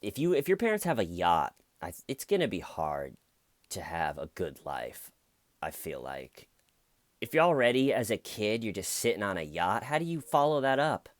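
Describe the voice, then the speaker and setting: A man's voice: fairly low pitch, big pitch swings, normal speed, dry recording. A man giving casual true crime commentary as a YouTuber, rambling and wry, with jokes.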